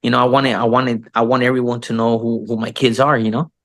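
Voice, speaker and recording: A man's voice: mid-range voice, little pitch movement, fairly quick, fairly bright tone. A middle-aged man talking as an interview guest, loose and profane, dropping "bro" constantly and restarting his sentences. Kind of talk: casual podcast interview.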